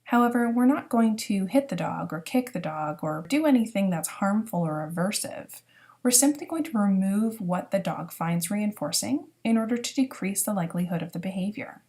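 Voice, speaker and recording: A woman narrating a dog training lesson at a middle pitch. She explains each step clearly and plainly, like a teacher walking new students through the basics. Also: expressive, normal speed, mellow. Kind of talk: recorded lecture narration.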